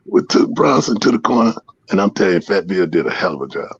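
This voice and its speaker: Gravelly, husky man telling stories. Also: deep voice, sing-song, quick pace, no echo. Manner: profane, rambling, re-enacting quotes. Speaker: podcast storyteller. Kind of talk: casual storytelling. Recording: muffled dry sound.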